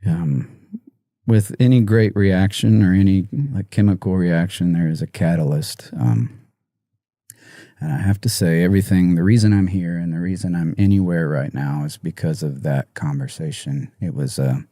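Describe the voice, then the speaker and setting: Musician guest, man, low and very dark voice, halting and choked up, dry close sound. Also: fairly even intonation, dry recording. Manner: halting, soft-spoken, many fillers and restarts. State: emotional, choked up. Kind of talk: podcast interview.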